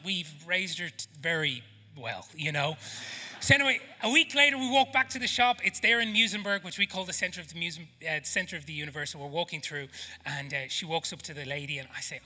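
A man in his thirties with an Irish accent, preaching a sermon with humor and passion, dropping to hushed near-whispers when he prays. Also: on the high side, lively intonation, fast. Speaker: pastor. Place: church auditorium. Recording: echoey church hall.

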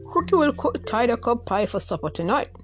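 A sly male spider trickster talks in a smooth, scheming way, as a woman storyteller puts him on. His voice lifts a little above her own, and it is lively and full of bounce. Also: fairly high pitch, a little fast, soft background music, pitched above the performer's own voice.

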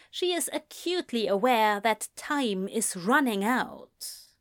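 A woman reading erotic fiction aloud in a slow, breathy, intimate way. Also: a little high, a bit bright, no room sound, studio quality. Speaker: narrator.

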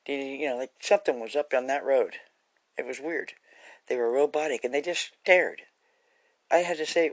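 A man's voice: a little high, fairly quick. A man talking straight to his viewers in a scattered, jumpy ramble that starts and restarts. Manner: scattered, jumpy, restarts often, folksy "y'all". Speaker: vlogger. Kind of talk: rambling casual monologue to viewers.

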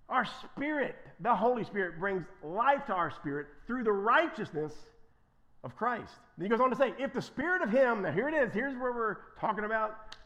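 Impassioned preacher man, high lively voice. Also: muffled recording. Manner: impassioned, emphatic, swings from quiet to loud. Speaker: pastor. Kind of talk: sermon.

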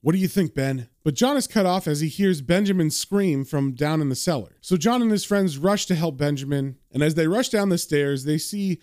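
Brief: casual male comic narrator, chatty, fairly high voice, dry sound. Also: lively intonation, moderate pace, hardly any pauses, a little mellow, no echo. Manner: chatty, with fillers. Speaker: comic book reader.

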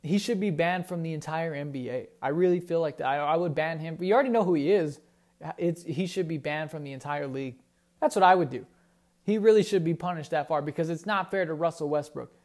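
Male sports ranter, high voice, heated and indignant, repeats points. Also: a little fast, a little mellow. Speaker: sports commentator. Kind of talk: opinionated sports talk monologue.

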